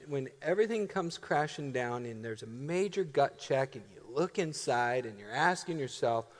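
Animated preacher telling a story in a hall. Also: male voice, on the high side. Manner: animated, self-deprecating, varied delivery. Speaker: pastor. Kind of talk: sermon storytelling. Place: church sanctuary.

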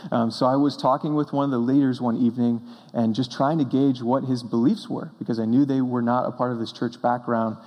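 A man's voice: mid-range voice, steady tone, fairly quick, dull audio. A young man preaching a sermon as pastor, telling stories earnestly and pressing key points with emphatic bursts. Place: church sanctuary. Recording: reverberant church hall.

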